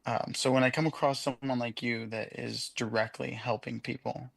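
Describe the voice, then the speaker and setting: A man in a video-call support meeting, giving earnest, halting thanks with many pauses. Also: medium pitch, level tone, gravelly, fairly bright tone, no echo. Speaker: meeting participant.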